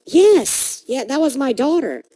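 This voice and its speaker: A game master voicing a grieving, confused ghostly mother in a tabletop game, speaking in halting, stammering bursts. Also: extremely high pitch, very animated, dark tone, dry recording, pitched above the performer's own voice, heavily acted, rough recording. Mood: quietly grieving.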